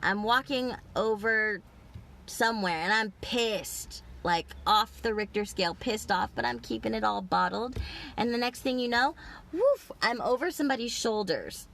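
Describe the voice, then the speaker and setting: A woman's voice: a little high, lively intonation, normal speed, vocal fry, a bit bright. A woman vlogging outdoors in a parking lot, telling a long, rambling, profane story full of fillers. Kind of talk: rambling personal monologue.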